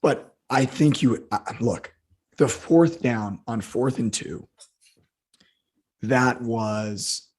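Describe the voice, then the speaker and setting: A man with a hoarse, husky voice co-hosts a casual football podcast. He rants heatedly and swears freely as he breaks down a game. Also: mid-range voice, very slow, long pauses, darkish tone. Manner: heated, profane ranting. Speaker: football analyst co-host.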